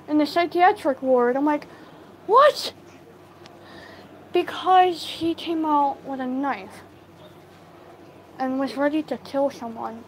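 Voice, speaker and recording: Woman, high-pitched, casual storytime, rambling retelling, quoted dialogue, faint background noise. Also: darkish tone, low-quality recording. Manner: filler-heavy retelling, lots of "I'm like".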